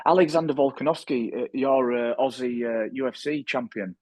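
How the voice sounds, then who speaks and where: A man's voice: medium pitch, brisk, few pauses, a little mellow, no echo. A man speaking as a podcast guest and author, talking earnestly and often restarting his sentences. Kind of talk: reflective interview talk.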